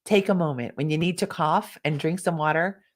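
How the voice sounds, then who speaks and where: Low-voiced woman coaching a workshop. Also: fairly quick. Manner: encouraging, reads chat comments aloud. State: coughing now and then, sipping tea. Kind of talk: live online workshop talk.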